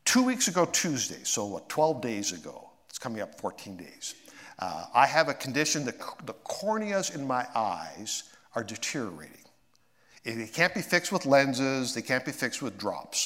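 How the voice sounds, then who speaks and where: A man preaching a sermon, telling a personal story with swings from excited to hushed and emotional. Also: medium pitch, moderate pace, in a large hall. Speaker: pastor.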